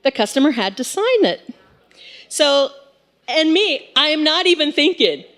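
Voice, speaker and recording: A woman's voice: high-pitched, measured pace. Chatty woman telling a story on stage. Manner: chatty, animated, lots of fillers. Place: stage in a hall. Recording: long hall reverb.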